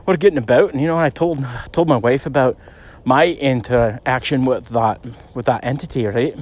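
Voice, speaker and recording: A man's voice: medium pitch, normal speed, darkish tone. A middle-aged man telling a story in a rambling, chatty way while out on a walk outdoors. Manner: rambling, chatty, many "you know"s. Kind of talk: casual spoken storytelling.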